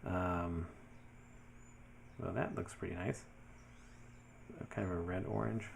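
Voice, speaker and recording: A man talking casually through his design work as he goes, thinking aloud in a relaxed way with many fillers. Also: deep voice, slow, creaky, a little hiss or hum. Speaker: web developer building his portfolio. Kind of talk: casual screen-share commentary.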